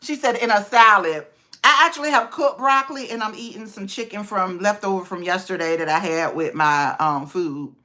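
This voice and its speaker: A woman's voice: medium pitch, normal speed, hardly any pauses, sharp tone. A woman vlogger chatting casually on a livestream, talking to viewers by name.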